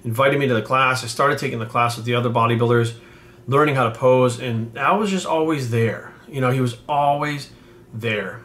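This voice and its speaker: A New England man in his forties, a fitness coach, tells a casual story to camera. His voice is mid-range and a bit bright at normal speed, and he rambles profanely with plenty of fillers.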